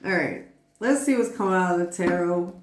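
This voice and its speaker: A woman's voice: lowish voice, a little fast, roomy sound, heavy background noise. Rambling, profane woman tarot reader. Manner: rambling, swearing, laughing asides. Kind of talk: casual tarot reading.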